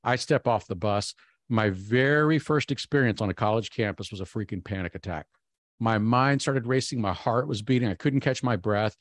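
A man giving a keynote speech, telling a personal story in an animated way and acting out his own inner voice. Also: mid-range voice, moderate pace, no echo, clean studio sound. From Texas. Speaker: keynote speaker.

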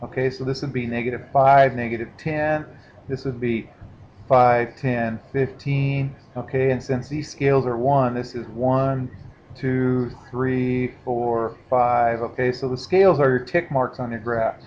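A man's voice: medium pitch, fairly even intonation, unhurried. Casual male math teacher, lo-fi recording. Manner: casual, explanatory, checks in with listeners. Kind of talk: recorded classroom lecture. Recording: dull lo-fi sound with faint hiss.

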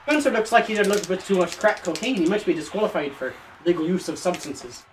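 A man's voice: high-pitched, animated, quick pace, distant mic, noisy background. A young man giving joking play-by-play on a friend's video game match at home, laughing often. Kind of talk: casual gaming commentary. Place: basement at home.

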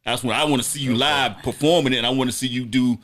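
A man in a relaxed podcast conversation, giving his opinions with a mid-range voice. He laughs often between points. The talk is loose and unscripted. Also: medium pitch, quick pace. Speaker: podcast host. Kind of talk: casual chat.

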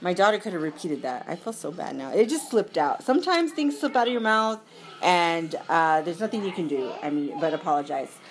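A woman chatting casually as she plays a mobile game, giggly and quick to apologize. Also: on the low side, sing-song, a little hiss or hum. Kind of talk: casual gameplay commentary.

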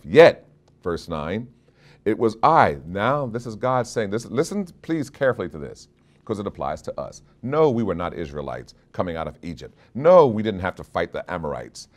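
A man preaching a sermon, reading scripture and explaining it to his congregation, rising in pitch and force when quoting and dropping low for asides. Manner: conversational preaching with restarts and direct appeals. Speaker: pastor.

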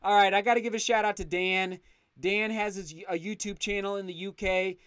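A man's voice: high-pitched, fairly even intonation, a little fast, a bit bright, smooth, no echo, studio quality. A man hosting a casual livestream, reading viewer comments aloud and thanking them effusively, often restarting his sentences. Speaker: channel host reading live chat.

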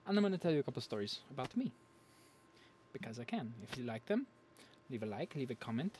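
A man's voice: mid-range voice, sing-song, fast, long pauses, a little mellow, a little hiss or hum. Male vlog host, casual and rambling, playful and jokey, mid-range voice. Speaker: channel host. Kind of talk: casual story-time vlog chat.

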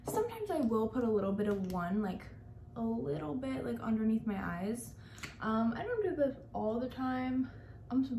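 The speaker is a young woman who works as a makeup artist and beauty vlogger, talking casually and enthusiastically during a tutorial with lots of "like." She has a mellow, medium-pitched voice, and the room echoes, with a little hiss or hum in the background.

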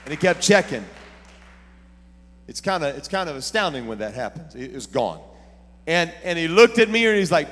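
A man preaching a sermon as pastor, telling stories and building to shouted preaching. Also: fairly high pitch, big pitch swings, moderate pace, long pauses, in a large hall, a little hiss or hum. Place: church sanctuary.

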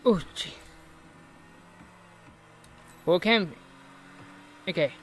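An Australian man with an unusually high voice commentates his own video game like a sportscaster. His delivery swings widely between hushed suspense and shouted cheers, though his pace is unhurried overall. Faint game music plays behind him. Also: expressive. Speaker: gaming channel host. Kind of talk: self-commentary while playing a video game.

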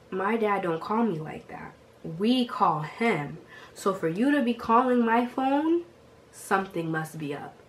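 Chatty young woman telling a story. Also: lowish voice. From Boston area. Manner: animated, chatty, addresses viewers as y'all. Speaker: vlogger. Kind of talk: casual storytelling.

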